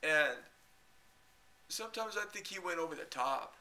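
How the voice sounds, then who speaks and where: A man telling a long rambling story to his camera, halting and repeating himself and chuckling often. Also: fairly high pitch, lively intonation, pushed and bright. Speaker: video blogger.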